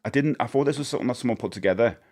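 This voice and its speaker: A man's voice: medium pitch, rapid-fire, a little mellow. A man chatting casually to his live-stream viewers. He rambles and corrects himself as he goes, and he laughs often. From United Kingdom.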